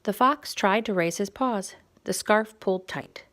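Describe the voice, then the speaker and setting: A woman reading a quiet story time picture book aloud for young children, gentle and expressive. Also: mid-range voice, measured pace.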